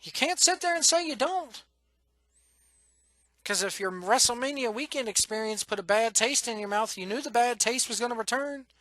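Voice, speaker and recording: Man, podcast host, blunt profane rant, bright tense voice, dry close sound. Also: extremely high pitch, animated, no echo. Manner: frank, profane, emotional, halting restarts.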